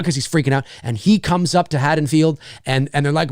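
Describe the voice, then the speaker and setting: Man, casual Q&A host, rambling, fillers and restarts, swearing, lively swinging pitch, dry close sound. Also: moderate pace, hardly any pauses, no room sound. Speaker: channel host. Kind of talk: casual live Q&A chat.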